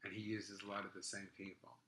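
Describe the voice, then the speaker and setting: A man's voice: on the low side, monotone, fast talker, very noisy. A man hosting a podcast in casual chat, rambling with lots of fillers. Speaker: podcast host. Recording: roomy echo.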